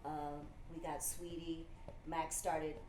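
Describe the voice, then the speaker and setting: A woman in the music industry telling stories in a casual conversation, animated, with lots of "you know". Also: sits low, slow. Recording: echoey room with faint noise.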